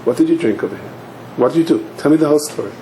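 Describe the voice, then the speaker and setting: A man's voice: fairly high pitch, expressive, rapid-fire, warm tone, slight background noise, close to an everyday voice. A man voicing a revered old rabbi who speaks with earnest urgency. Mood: dismayed. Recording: echoey hall.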